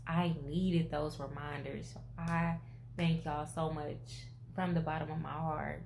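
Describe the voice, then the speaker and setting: Slow-talking emotional woman in her twenties. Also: sits low, vocal fry, background noise. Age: 20s. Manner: emotional, expressive, talks straight to viewers. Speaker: vlogger. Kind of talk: personal vlog update.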